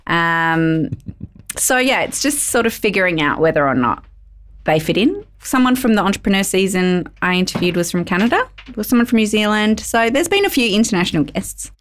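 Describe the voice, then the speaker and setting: A woman, a lawyer and podcast host, chatting in a relaxed interview and telling lively stories. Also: mid-range voice, brisk, a little hiss or hum. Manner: lively storyteller, laughs easily. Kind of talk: casual conversational interview.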